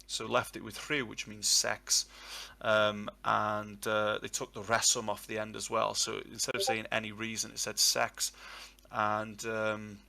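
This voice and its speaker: A man whose first language is English, chatting casually and telling jokey, animated stories as a guest teacher. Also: medium pitch, creaky. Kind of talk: casual live chat. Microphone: online call audio.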